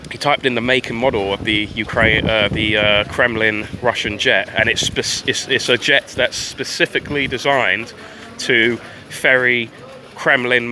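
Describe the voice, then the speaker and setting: A man's voice: medium pitch, noisy background. A man livestreaming a rambling, profane commentary while walking outdoors on a town street. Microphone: phone livestream.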